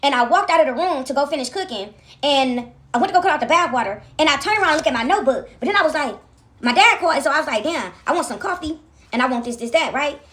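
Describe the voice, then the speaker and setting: Talking quickly to her audience, this vlogger shares a home story in an expressive, slightly bright voice that is high and bouncy. Her style is loose and chatty, with frequent laughter, lots of "y'all," and a steady stream of "right?" to keep viewers with her.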